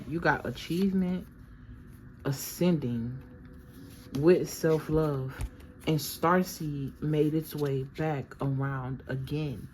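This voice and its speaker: A woman's voice: deep voice, slight background noise. A woman reading tarot cards for her viewers in a casual, slangy, chatty way, talking straight to them. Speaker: tarot reader.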